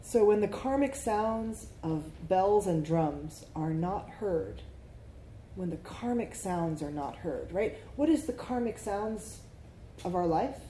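Woman meditation teacher, slow easy dharma talk, mellow low voice, keeps asking "right?", echoey room. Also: animated. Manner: slow, reflective, often asks "right?". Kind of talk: dharma talk with group discussion. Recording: echoey room, faint background noise.

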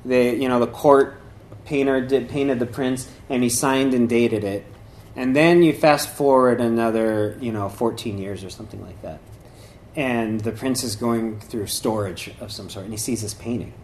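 A man's voice: medium pitch, normal speed, a little mellow. Guy rambling thru a laid-back spiritual talk, lots of "you know", slight room hiss. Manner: rambling, with many fillers and restarts; acts out voices while telling a story. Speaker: dharma talk speaker.

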